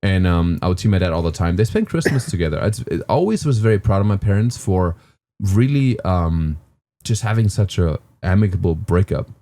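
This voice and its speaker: A man's voice: sits low, lively intonation, a little fast, mellow. A young man with a German accent, a guest comedian chatting casually and playfully on a podcast. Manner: playful, laughs easily, joking asides.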